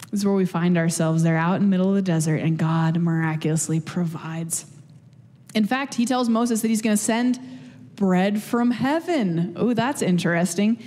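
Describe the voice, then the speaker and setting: A woman preacher giving a casual, chatty sermon, full of fillers and restarts. Her voice sits a little low and sounds mellow and warm. It carries a long reverb from a church hall. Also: moderate pace. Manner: chatty, many fillers and restarts, light laughs.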